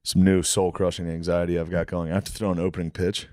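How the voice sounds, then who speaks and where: A man's voice: low-pitched, level tone, fast, darkish tone, no echo, studio quality. Crude, joking male podcast co-host. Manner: crude, joking, acts out quoted voices. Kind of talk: casual chat.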